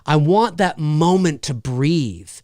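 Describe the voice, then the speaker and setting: Animated man giving an off-the-cuff film review. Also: on the high side, slow, no room sound, studio quality. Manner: thinks aloud with frequent restarts. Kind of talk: unscripted spoken film review.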